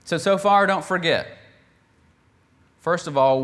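Male preacher, mid pitch, casual sermon delivery, animated retelling with loud emphatic bursts. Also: measured pace. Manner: animated, acts out the quoted characters with bursts of volume; conversational, with laughs and restarts.

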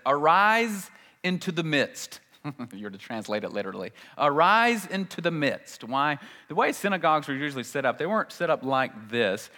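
Bright-voiced man preaching in a reverberant hall. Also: medium pitch. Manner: conversational, asks the room rhetorical questions. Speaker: pastor. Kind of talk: sermon.

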